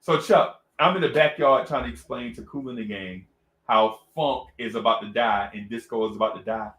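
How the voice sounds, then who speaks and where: A man's voice: medium pitch, reverberant. A man co-hosting a radio show, telling a story in casual slang and acting out other people's lines with animation. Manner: animated, slangy, acts out voices. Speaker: radio co-host. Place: radio studio.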